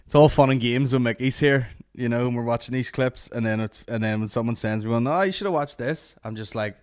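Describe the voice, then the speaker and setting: A man hosting a comedy podcast, telling stories in a rambling, profane, deadpan way. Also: medium pitch, a little fast, clean tone, no room sound, studio quality. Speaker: podcast host. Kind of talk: comic podcast rant.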